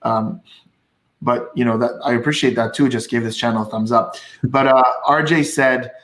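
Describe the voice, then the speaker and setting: A chatty man with a Québécois accent hosts a live stream, upbeat and rambling with lots of restarts. His voice sits at an ordinary pitch and carries a roomy echo. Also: fairly even intonation, normal speed, a bit bright. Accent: Québécois French. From Quebec. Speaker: host. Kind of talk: casual live-stream chat.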